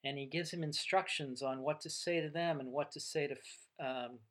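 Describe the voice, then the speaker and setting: A man preaching a sermon, teaching in an unhurried, reflective way and voicing the dialogue of the story he retells. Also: a little high, fairly even intonation, a bit bright. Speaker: pastor.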